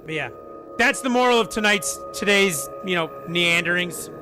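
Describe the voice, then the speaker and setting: A man in his forties with a hoarse, scratchy voice after being sick, chatting casually and rambling to viewers during a game stream at home. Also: sits high, normal speed, over music. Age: 40s. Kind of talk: casual live-stream chat.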